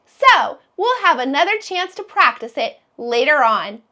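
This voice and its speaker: A woman's voice: high-pitched, very animated, pushed and bright. Sing-song woman teaching phonics to little kids. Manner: slow, sing-song, sounding out letters. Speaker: preschool teacher. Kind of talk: phonics lesson for young children.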